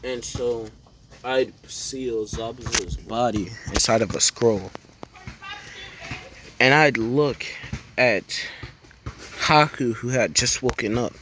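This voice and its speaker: Slow, rambling young man telling a story. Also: mid-range voice, background noise. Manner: meandering, with fillers and self-corrections. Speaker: storyteller narrating a fan scenario. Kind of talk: casual improvised storytelling.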